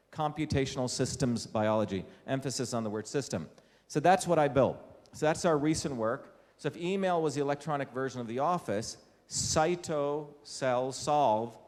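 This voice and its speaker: Speaking to a live audience in a lecture hall with plenty of reverb, a male invited lecturer from India uses a slightly mellow mid-range voice. His public talk is emphatic, punctuated by frequent rhetorical questions to the room.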